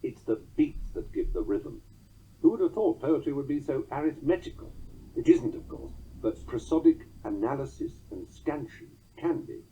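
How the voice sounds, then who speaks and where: A man's mid-range voice, very animated, dark-toned and husky, reads at normal speed through an audiobook-style lesson on poetic meter. He keeps a rhythmic delivery and sounds out each metrical beat aloud. The recording has a dull lo-fi quality.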